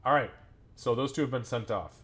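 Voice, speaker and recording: A man narrating a tabletop game as its game master, in a relaxed, halting way. His pitch sits in the middle of the male range. He fills pauses with small hesitations as he describes the scene. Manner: casual, hesitant with fillers.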